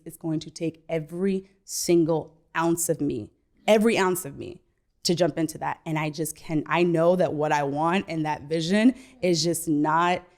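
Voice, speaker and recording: A woman's voice: lowish voice, darkish tone. A woman in her thirties, a podcast guest in casual chat, talking loosely with many "like"s and frequent laughter. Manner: chatty, laughs often, says "like" a lot.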